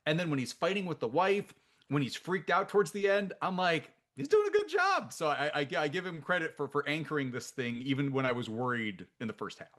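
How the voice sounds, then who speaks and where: A man's voice: a little high, brisk, fairly bright tone. A man co-hosting a movie podcast, chatting casually and self-deprecatingly, often laughing at his own remarks. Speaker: podcast co-host. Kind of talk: casual film podcast chat.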